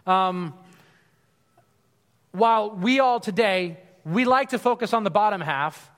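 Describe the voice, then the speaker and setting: Animated preacher man, echoing hall. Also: high voice, takes it slowly, long pauses. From United States. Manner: conversational, animated storytelling with frequent asides. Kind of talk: sermon. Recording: long hall reverb.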